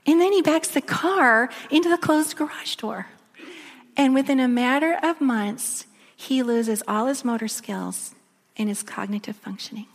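A woman giving a sermon, telling a story and dropping to a soft near-whisper at emotional moments. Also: high-pitched, measured pace. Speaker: speaker. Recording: echoey long reverb of a large room.

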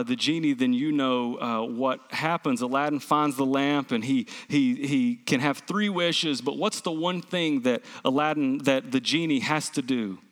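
A man's voice: mid-range voice, a bit bright, long reverb tail. A male pastor preaching a sermon, emphatic, asking the congregation rhetorical questions and answering them himself.

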